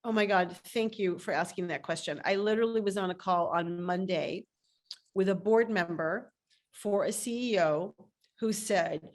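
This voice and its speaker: A woman's voice: mid-range voice, moderate pace. A woman coach speaking emphatically as a guest on a video call interview, telling stories with lots of energy. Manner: animated, emphatic storytelling. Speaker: startup coach.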